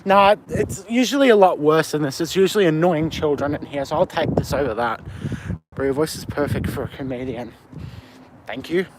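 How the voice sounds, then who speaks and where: On a windy street at night, an Australian man walks and livestreams, reading viewer comments aloud and answering them into a phone mic. He talks at a moderate pace in a fairly high voice, and background noise can be heard.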